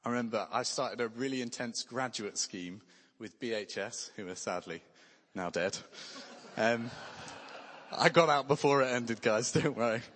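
A man's voice: mid-range voice, moderate pace, a bit bright. A man preaching a sermon in an earnest, conversational way with touches of light humor. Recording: long hall reverb.

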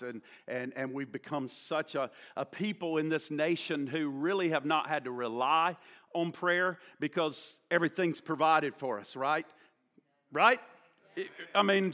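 Earnest pastor preaching in a reverberant hall. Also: male voice, mid-range voice, fairly bright tone. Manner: halting, many fillers and restarts, earnest. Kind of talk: sermon. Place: church hall.

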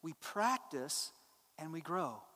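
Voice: mid-range voice, big pitch swings, takes it slowly, pushed and bright. A pastor preaching a sermon to a church in an emphatic, conversational way. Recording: long hall reverb.

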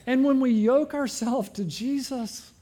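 A man preaching a sermon as pastor, asking the congregation frequent rhetorical questions and slowing and dropping his voice for emphasis. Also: very high-pitched. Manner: varies pace and loudness, slowing and dropping for emphasis.

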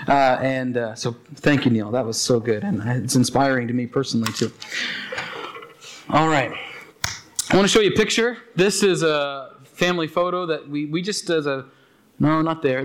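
A man leads his congregation as pastor, speaking in a relaxed, encouraging way. His voice sits a little high for a man. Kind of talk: sermon.

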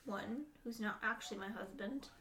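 A woman co-hosting a podcast in casual chat, playful and lively. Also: medium pitch, normal speed, noisy background. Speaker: podcast co-host.

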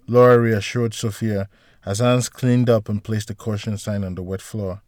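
A man narrating a novel chapter in a steady storytelling voice. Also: lowish voice, moderate pace, dry recording, studio quality. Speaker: audiobook narrator. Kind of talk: scripted narration.

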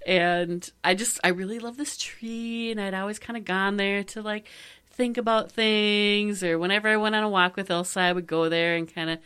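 Animated woman telling a story. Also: mid-range voice, normal speed, clean tone. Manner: animated storytelling, laughs often, acts out voices. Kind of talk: casual chat.

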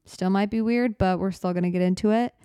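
A woman's voice: mid-range voice, fairly even intonation, warm tone, smooth, no room sound. A young woman hosting her own podcast from a small studio apartment, chatting casually, rambling and joking at her own expense, often running short of breath as she talks. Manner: rambling, self-deprecating, talks fast and runs out of breath. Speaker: podcast host. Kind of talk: casual solo podcast chat. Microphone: studio microphone.

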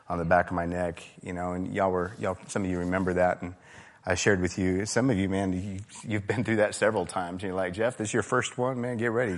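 A man preaching a relaxed, conversational sermon as a pastor, often saying "man" and getting animated. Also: deep voice. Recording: reverberant hall.

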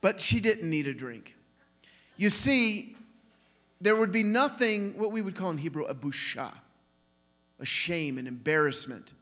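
Male preacher, high voice, lively anecdotal sermon, laughs between lines. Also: unhurried, long pauses. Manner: animated, acts out quoted voices, laughs often. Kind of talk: storytelling sermon.

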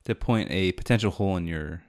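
A man co-hosting a baseball podcast, laid-back and gently pushing back in casual chat. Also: sits low. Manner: laid-back, mild pushback. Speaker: podcast co-host.

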